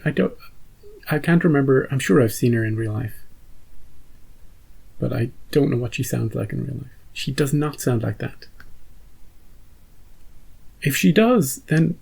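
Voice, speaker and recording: A man's voice: medium pitch, creaky, warm tone, slightly rough, poor audio. A man hosting a reaction channel, chatting casually and rambling through an episode recap with many restarts. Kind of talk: casual post-episode chat.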